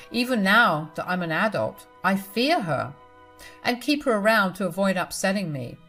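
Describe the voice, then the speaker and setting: A woman's voice: low-pitched, a bit bright. Woman telling a personal drama story. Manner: confiding and emotional, addressing listeners directly. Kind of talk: first-person story narration.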